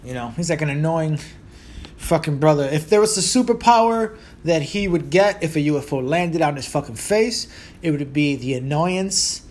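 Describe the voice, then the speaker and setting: A man's voice: fairly high pitch, lively intonation, moderate pace, darkish tone. A man in his thirties from Puerto Rico, with a Puerto Rican accent, hosting a podcast as a rambling, joking, profane monologue. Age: 30s. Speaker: podcast host. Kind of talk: casual monologue.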